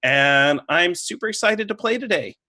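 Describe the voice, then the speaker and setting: Bright-voiced man, eager game designer. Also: high voice, lively intonation, moderate pace, no echo. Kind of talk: casual self-introduction.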